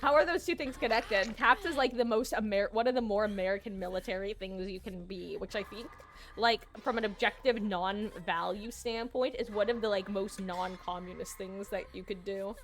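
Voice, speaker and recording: A woman's voice: medium pitch, normal speed. Tired, giggly young woman streamer. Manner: rambling, giggly, self-deprecating. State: sleep-deprived, yawning. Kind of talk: casual gaming stream chat.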